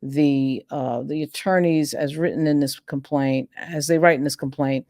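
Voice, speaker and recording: A woman's voice: sits low, steady tone, moderate pace, darkish tone, no room sound, studio quality. Woman host giving emphatic legal commentary. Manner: emphatic, builds arguments through long lists.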